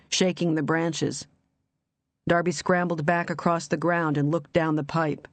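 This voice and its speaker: A woman narrating an audiobook in a measured, even reading. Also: deep voice, no echo.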